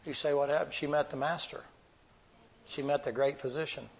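A man preaching, telling a long story in a folksy, drawn-out way. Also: on the high side, steady tone, low-quality recording. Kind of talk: sermon storytelling.

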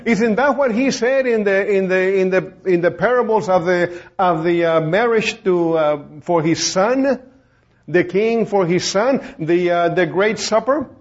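A man's voice: sits high, unhurried. A man preaching a sermon as a storytelling testimony, acting out the voices of the people he quotes and laughing as he goes. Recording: dull lo-fi recording.

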